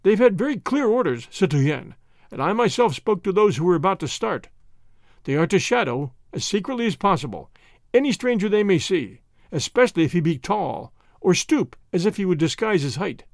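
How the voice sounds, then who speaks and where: A man's voice: sits high, sing-song, normal speed, creaky, no room sound, clean studio sound, full character voice. A man voicing a deferential male secretary who stammers and reports eagerly to his superior. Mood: reporting.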